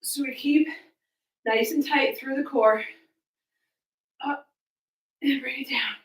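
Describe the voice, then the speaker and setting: A woman's voice: high voice, steady tone, takes it slowly, reverberant, distant mic, low-quality recording. A woman fitness coach, out of breath, counting reps and cueing moves while she exercises along in a small room at home. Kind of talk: coaching a live home workout.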